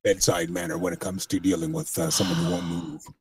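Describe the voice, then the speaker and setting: A man's voice: low-pitched, level tone, fairly quick, husky, dry recording. A man co-hosting a podcast, chipping in with dry wry remarks in casual chat. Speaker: podcast co-host.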